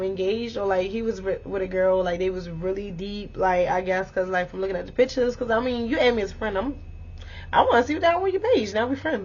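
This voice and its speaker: A woman in her twenties telling a story in a casual vlog, animated and exclamatory, swearing freely and talking straight to her viewers. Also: mid-range voice, slight background noise. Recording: dull lo-fi audio.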